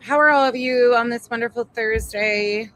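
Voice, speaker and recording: A woman's voice: on the high side, normal speed, a bit bright, no echo, rough recording. A woman hosting a casual livestream, chatty and greeting viewers one by one, swearing freely as she talks. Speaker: livestream host. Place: indoors at home. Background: construction noise from upstairs.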